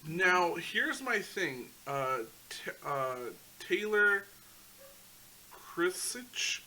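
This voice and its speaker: A man's voice: high-pitched, very animated, drawn-out words, pushed and bright, poor audio. A young man co-hosting a casual podcast chat, rambling and stumbling over names. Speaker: podcast co-host.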